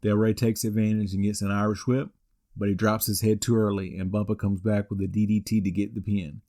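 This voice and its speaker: A man in his forties with a fairly low-pitched voice hosts a wrestling podcast. He narrates a scripted recap in steady play-by-play style, adding dry asides.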